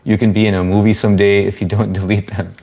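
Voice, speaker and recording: A man's voice: on the low side, flat delivery, fast, gravelly, mellow. A man hosting a casual late-night live stream, greeting viewers by name and rambling laid-back with lots of fillers. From Indian family background. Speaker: livestream host. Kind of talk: casual live chat reading comments.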